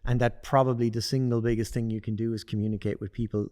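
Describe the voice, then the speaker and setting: A man hosting a casual interview, speaking thoughtfully with halting fillers. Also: medium pitch, level tone, mellow, big-room sound. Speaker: host.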